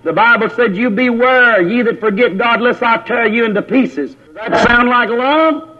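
Man, fiery holiness preacher, high voice, old muffled sermon tape. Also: moderate pace. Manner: fiery and scolding, mocking in quoted voices. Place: church.

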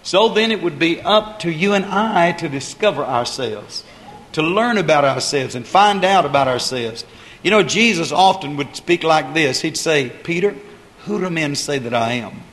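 A man preaching a sermon in a measured style that builds to fervent emphasis, speaking to a congregation. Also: fairly high pitch, animated, fairly bright tone. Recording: long hall reverb, faint ambient noise.

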